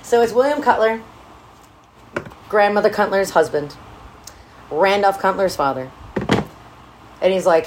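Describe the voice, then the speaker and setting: A woman in a casual book-club chat, swearing freely and acting out characters in quick asides. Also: mid-range voice, a little hiss or hum. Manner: animated, profane, acts out characters in quotes. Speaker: podcast co-host.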